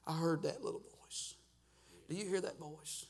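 A middle-aged man preaching a revival sermon and altar call in a church, swinging from loud, fervent rhythmic urging to hushed near-whispers. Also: fairly high pitch, quick pace. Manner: fervent, rhythmic preaching with sudden soft drops. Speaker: pastor. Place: church sanctuary.

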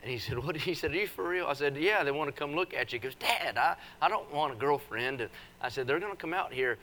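A man preaching a revival sermon, teasing the congregation in a folksy way before building into forceful preaching. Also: on the high side, lively intonation, fast. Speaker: visiting preacher. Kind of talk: revival sermon with joking asides. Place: church service.

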